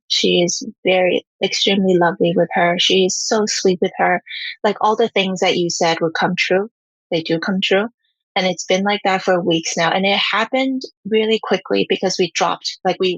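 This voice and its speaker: A woman's voice: fairly low pitch, no echo, highs cut off. A woman who is a parent, talking candidly and earnestly about her home life in an interview, acting out what her children say. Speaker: parent guest.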